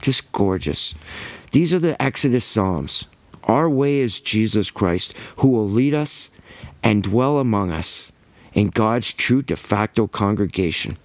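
A man with a lowish voice delivers a fired-up religious monologue, hammering his points and tumbling over repeated words in quick bursts. The sound is close and dry, with no room around him. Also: lively intonation, no room sound. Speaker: Christian commentator.

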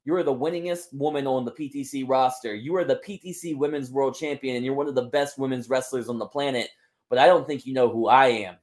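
A man voicing a brash woman wrestler with a loud, showy promo delivery. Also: mid-range voice, fast talker, pitched below the performer's own voice, close to an everyday voice. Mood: cool defiant. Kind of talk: wrestling promo role-play.

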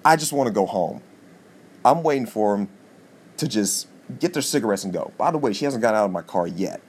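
A male podcast host tells a rambling comic story, swearing freely. His pitch leaps upward whenever he stresses a point, which gives the monologue an animated, excitable edge. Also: brisk, slightly rough. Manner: animated, profane, jumps in pitch for emphasis.

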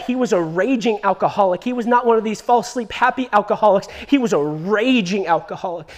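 A man preaching with a high, ringing voice, pressing his point again and again. His delivery jumps from loud, urgent bursts to quiet, intimate asides. He tells stories with animation, acting out the people in them. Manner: emphatic, repeats "listen to me", swings from loud to hushed; animated storytelling, acts out quoted voices. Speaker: pastor. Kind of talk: sermon.

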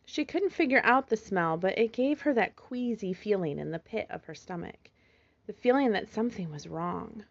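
Woman reading a kids storybook aloud, steady and expressive, kinda muffled sound. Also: medium pitch, normal speed, creaky, dry recording. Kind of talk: children's storybook narration.

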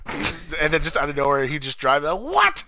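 A man's voice: a little fast, slight background noise, rough recording. A young man from California telling a story in casual chat, swearing often and acting out other people's lines. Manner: animated, acts out quotes in a high voice, swears often.

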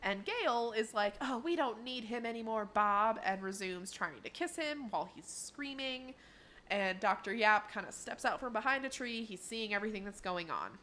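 A woman's voice: mid-range voice, moderate pace. A woman co-hosting a podcast, retelling a cartoon episode in casual chat and acting out the lines. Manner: animated retelling, acting out quotes. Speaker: podcast co-host recapping an episode.

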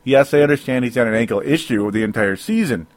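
A sports talk podcast host goes solo, ranting emotionally in an animated, medium-pitched voice at a quick pace. He rambles and interrupts himself with little laughs between points, and the recording is dry.

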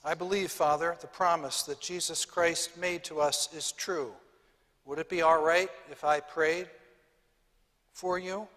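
Preacher voicing a grieving man, hushed, halting, slightly high voice in a reverberant hall. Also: steady tone. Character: grieving adult man confronting his abuser.

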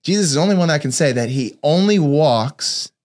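A man's voice: fairly high pitch, animated, a little fast, a little mellow. Earnest man telling a devotional story. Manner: earnest storytelling, acts out quoted voices. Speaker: father giving a devotional talk. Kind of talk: personal devotional teaching.

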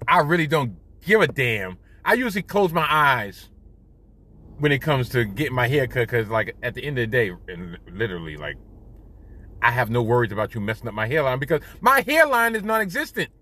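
Lively, bright-voiced man telling stories. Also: mid-range voice, fairly quick. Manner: animated, profane, self-mocking. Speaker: podcast host. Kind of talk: casual storytelling monologue. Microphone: studio podcast mic.

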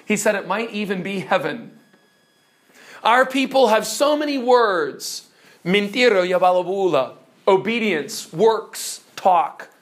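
High-voiced preacher quizzing his listeners. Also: animated, slow pace. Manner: emphatic, questions the listeners. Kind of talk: teaching sermon.

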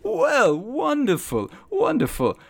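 A man's voice: fairly high pitch, very animated, unhurried, vocal fry, voice pushed up, exaggerated voice. A man voicing a zealous male street preacher in white robes who lectures eagerly on his creed. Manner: eager, lecturing, grandly sermonizing.

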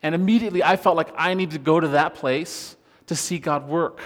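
A man's voice: on the high side, fairly even intonation, a little fast. Man preaching in a reverberant church hall. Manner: conversational storytelling, laughing often. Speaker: worship pastor. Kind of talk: sermon.

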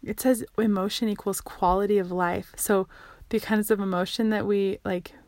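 A woman records a casual vlog monologue in a dry, close-sounding space, and her voice sits at an ordinary middle pitch. She rambles excitedly, cuts herself off, restarts her sentences, and fills the gaps with "like" and "um". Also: moderate pace, no room sound. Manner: rambling and excitable, many fillers, self-interrupting. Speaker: vlogger sharing what she learns.

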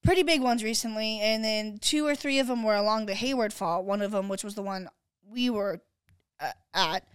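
Expressive young woman, clear voice. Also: mid-range voice, moderate pace, no room sound. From San Francisco Bay Area. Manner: expressive storyteller, heavy use of "literally" and "girl". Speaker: podcast co-host. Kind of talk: casual podcast chat.

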